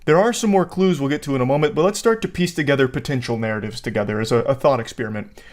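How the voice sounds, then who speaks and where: A man's voice: medium pitch, fast talker. Jokey rambling male commentary host. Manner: jokey, rambling, mock-serious asides. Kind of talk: casual video commentary. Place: Florida home.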